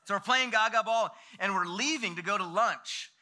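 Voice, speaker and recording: A man in his thirties preaching, telling a story in an animated way and acting out the voices of the people in it. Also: high-pitched, moderate pace. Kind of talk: sermon storytelling.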